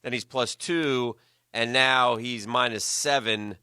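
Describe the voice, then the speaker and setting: A man's voice: medium pitch, fairly even intonation, slow, bright, forceful tone, clean tone, no echo, clean studio sound. A man co-hosting a sports radio show, bantering wryly about football records. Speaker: radio co-host. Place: radio studio. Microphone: studio mic.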